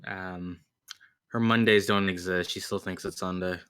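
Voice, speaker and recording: A man narrating as game master of a tabletop game, relaxed and full of fillers. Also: sits low, unhurried, clean tone, dry recording, studio quality.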